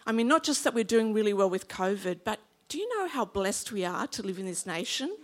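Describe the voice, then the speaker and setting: Australian woman, 50s, pastor, sermon, chatty, humorous, mid-pitched voice. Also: lively intonation, fairly quick. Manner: chatty, humorous, engages the congregation.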